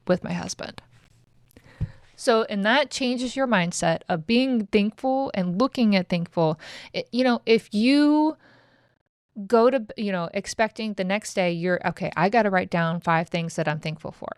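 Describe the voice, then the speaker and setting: A woman's voice: medium pitch, clear, resonant tone, no room sound, studio quality. A woman in her thirties hosting a podcast, talking casually and bluntly, swearing freely as she gives self-help tips. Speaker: podcast host.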